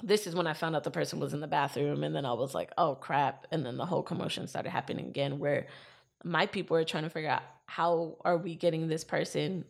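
A woman's voice: low-pitched, fast, gravelly. A woman telling a personal story in casual chat, acting out what she and others said. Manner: animated retelling, acting out her own quotes.

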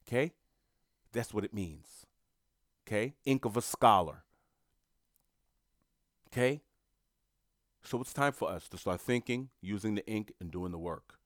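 A man's voice: on the low side, lively intonation, a little slow, pauses often, no echo, clean studio sound. A man delivering a motivational monologue, emphatic and repetitive, in a coaching tone. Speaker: motivational speaker.

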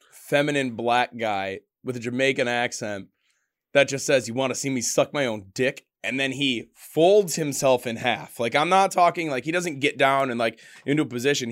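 A man's voice: medium pitch, fairly bright tone. Crude laughing young male podcast host. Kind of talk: casual chat.

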